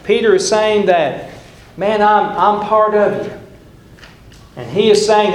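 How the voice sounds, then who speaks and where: A man's voice: sits high, animated, slow pace, pauses often. An older man preaching a sermon in a church, earnest and emphatic, repeating key phrases for weight. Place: church sanctuary. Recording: echoey church room.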